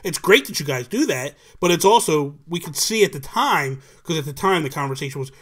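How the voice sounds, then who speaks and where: A man's voice: a little high, a little fast. A man hosting a casual live talk show over a video call, telling stories animatedly and acting out what people said. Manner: animated storyteller who acts out quotes. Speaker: podcast host. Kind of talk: casual livestream chat.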